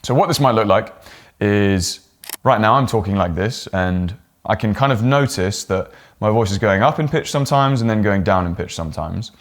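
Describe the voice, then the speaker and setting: Lowish-voiced man coaching to camera. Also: lively intonation, moderate pace. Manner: demonstrates exaggerated pitch swings and rising or falling inflection. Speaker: presentation coach. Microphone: talking straight to camera.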